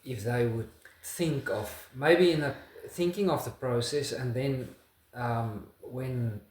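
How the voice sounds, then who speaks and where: A man from South Africa hosting a casual interview, asking halting, hesitant questions. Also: mid-range voice, darkish tone, reverberant. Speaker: host.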